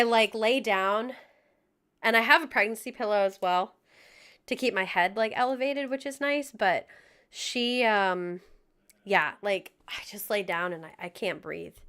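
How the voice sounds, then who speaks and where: A woman's voice: medium pitch, fairly bright tone, clean tone. A young woman chatting casually with her livestream viewers, out of breath, laughing often and joking at her own expense. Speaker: music streamer.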